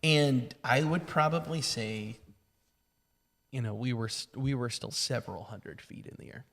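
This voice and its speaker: Co-host: middle-aged man, gravelly voice, dry teasing humor, long reverb. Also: medium pitch, measured pace, fairly bright tone. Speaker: podcast co-host. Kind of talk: casual storytelling chat.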